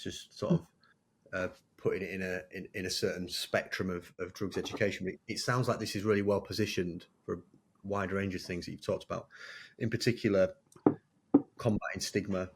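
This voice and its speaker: A man's voice: low-pitched, brisk, slight background noise. A man hosting an interview podcast, framing his questions thoughtfully and carefully. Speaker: podcast host.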